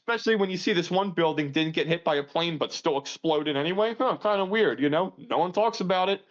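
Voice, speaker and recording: Sex: man. Role: podcast co-host. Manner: crude, ranting, lively pitch swings. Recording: muffled, lo-fi. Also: quick pace, hardly any pauses. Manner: crude, ranting, swings between loud outbursts and low mutters. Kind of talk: casual podcast chat. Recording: muffled lo-fi audio.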